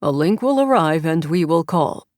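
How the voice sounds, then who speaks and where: A flat, commanding kidnapper with no emotion in his voice, as a woman narrator puts him on. The tone sits low, and the dry studio sound keeps every word close. This is audiobook character reading. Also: normal speed, no echo. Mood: demanding. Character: cold male kidnapper behind a mechanical voice.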